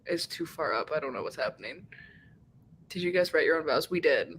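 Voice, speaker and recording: A woman's voice: sits low, lively intonation, fairly quick, fairly bright tone, slight background noise. A young woman hosting a casual chat with friends, telling stories in a rambling way with lots of fillers and laughter. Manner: giggly, rambling storyteller with many fillers. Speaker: streamer hosting a reading sprint.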